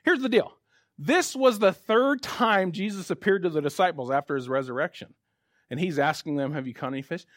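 High-voiced man preaching a sermon. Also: fairly quick, no room sound, studio quality. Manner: conversational preaching, rising to emphatic exhortation. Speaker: pastor.

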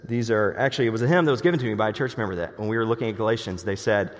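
Male pastor, earnest sermon, lowish voice, slows for emphasis, long hall reverb. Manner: earnest, slows down for key words, restarts a lot.

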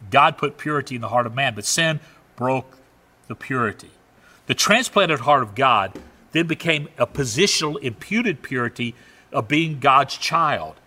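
A man preaching a sermon, emphatic and lively, slowing down for dramatic weight on key phrases. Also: medium pitch. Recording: echoey hall reverb.

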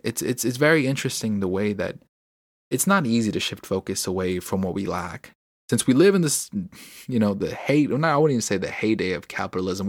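Lower-voiced man, earnest podcast monologue. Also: no room sound, clean studio sound. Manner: earnest, frustrated, reflective, with frequent restarts; gives inspirational encouragement. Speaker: podcast host. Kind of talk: candid solo podcast monologue.

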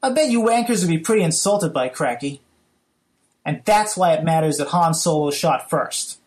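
A man with a put-on British accent voicing a pompous gentleman caller in a comic, profane voicemail rant. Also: a little high, expressive, normal speed, natural voice. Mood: haughty. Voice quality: mock-haughty, profane.

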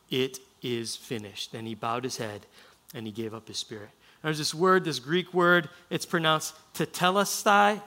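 A man's voice: fairly high pitch, sharp tone. A male pastor preaching a sermon in a casual, conversational way, with frequent restarts.

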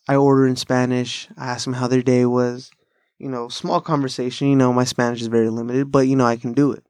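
A man's voice: mid-range voice, a little mellow, dry recording, clean studio sound. A man, hosting a podcast in casual chat and telling rambling, profane stories with a laugh. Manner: profane, rambling bro-style storytelling with frequent laughs. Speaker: podcast host.

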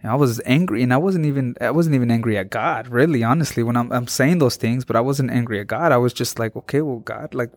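A man in his thirties tells his personal story in an earnest, halting way, circling back and restarting his sentences. His voice sits at a middle pitch and is recorded close and dry, with no room sound. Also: no room sound. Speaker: interview guest. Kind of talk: personal testimony.

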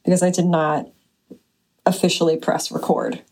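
A woman's voice: on the low side, little pitch movement, normal speed, darkish tone, rough recording. A woman co-hosting a podcast, chatting casually and joking with her friend, often laughing and talking over her. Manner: playful, talks over her co-host, jokes and laughs. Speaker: podcast co-host. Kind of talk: casual chat.

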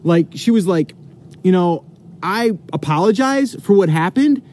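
A man's voice: high voice, expressive, a little slow, warm tone. A man telling a long story to the camera, rambling with many fillers and restarts. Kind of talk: casual storytelling.

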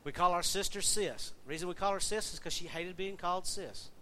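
A pastor from the American South with a Southern accent preaches in a relaxed, folksy way, chatting with his congregation and quizzing them as he goes. His voice sits a little higher than most men's. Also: fairly quick, slight background noise. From Southern United States. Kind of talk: sermon.

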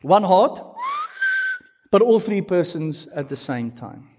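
A man delivering a teaching sermon in a slightly high voice. He is animated and stretches key words for emphasis. He breaks in with questions and playful asides to his listeners. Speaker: pastor.

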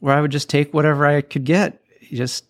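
A man's voice: a little high, level tone, brisk. A man hosting a podcast, talking casually and giving upbeat, encouraging self-help advice with a playful touch. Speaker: podcast host.

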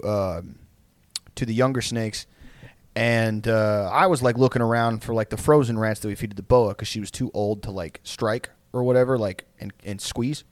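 A man's voice: mid-range voice, no room sound. A young man on a podcast telling a rambling, profane story in casual chat, full of likes and ums. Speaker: podcast co-host.

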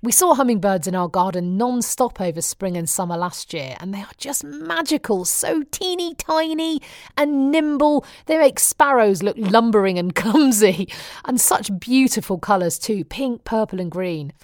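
A woman's voice: mid-range voice, expressive, moderate pace, a little mellow, dry recording. Brief: middle-aged British woman, wry chatty presenter, dry close sound. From Britain. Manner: wry, chatty storytelling with frequent laughs. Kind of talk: chatty personal diary monologue.

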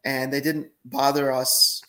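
A man's voice: mid-range voice, level tone, a little slow, pushed and bright. A man as a podcast guest talking about his business in casual chat, enthusiastic and given to repeating words for emphasis. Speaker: guest, laser accessory business owner.

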